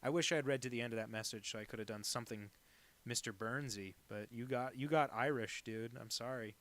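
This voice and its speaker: A man's voice: mid-range voice, brisk, a bit bright. A man chatting casually on a live stream while drawing, rambling and self-deprecating with lots of asides. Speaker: cartoonist streaming a drawing session.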